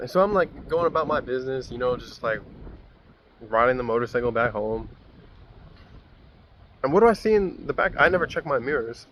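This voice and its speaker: A young man rambles through a profane story in a casual vlog, his mid-pitched voice swinging up and down as he goes. A faint hiss of room noise sits under his talk. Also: lively intonation, brisk. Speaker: vlogger.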